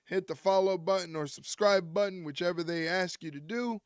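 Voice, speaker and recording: A man hosts a live watch-along in a casual, joking way. His voice sits a little high and sounds dry and close to the mic, with no room echo. He keeps the chat loose and teases a friend between plugs for his show. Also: moderate pace, smooth. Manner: joking, teasing a co-viewer. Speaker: podcast host streaming a watch-along. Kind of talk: casual live-stream commentary.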